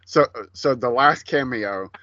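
Man, podcast co-host, rambling profane movie chat, bright tone, dry muffled sound. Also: mid-range voice, unhurried, dry recording.

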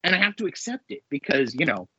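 A man co-hosting a casual pop culture podcast, telling stories in an animated way with a husky voice. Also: a little high, fast, no echo, highs cut off. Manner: animated storytelling, laughs often. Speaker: podcast co-host.

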